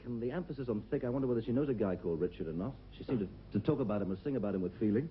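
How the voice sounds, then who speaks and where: A man's voice: mid-range voice, lively intonation, rapid-fire, hardly any pauses, highs cut off, slight background noise. A man giving a rambling, hesitant critique as a talent show judge, on worn 1970s VHS TV audio. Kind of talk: panel critique.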